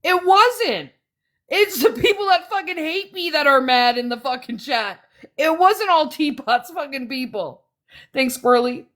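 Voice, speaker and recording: A woman's voice: high-pitched, animated, unhurried, a bit bright. Profane, combative woman streamer. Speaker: livestream host. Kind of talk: heated livestream rant.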